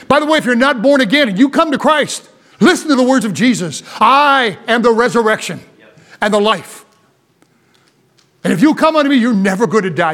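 Male pastor, high-pitched, sermon delivery: reads scripture, then preaches with sudden hushed drops. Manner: swings between fervent emphasis and hushed, slow asides; reads old scripture wording aloud, then explains it plainly.

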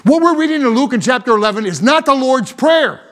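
A man delivers a sermon from the pulpit. His voice sits unusually high, and his preaching is fervent, swelling to shouts at times. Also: expressive, fairly quick. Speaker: pastor.

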